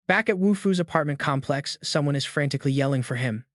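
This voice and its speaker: Male recap narrator, punchy emphatic delivery, fairly high voice, dry close sound. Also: fast, dry recording. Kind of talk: dramatic comic recap narration.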